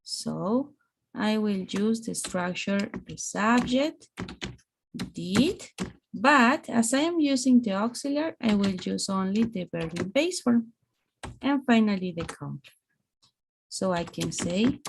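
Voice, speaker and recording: Woman w teaching english online, slow and a bit gravelly, faint noise behind. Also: mid-range voice, expressive. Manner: slow, explaining with examples. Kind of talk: online grammar lesson.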